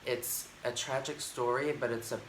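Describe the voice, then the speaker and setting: A mid-range, slightly bright male voice speaks at a moderate pace and steady tone as a book vlogger chats loosely about his favorite books from a bookshelf-lined room at home. He's enthusiastic and rambling, restarting often and using lots of fillers, with a roomy echo and faint background noise.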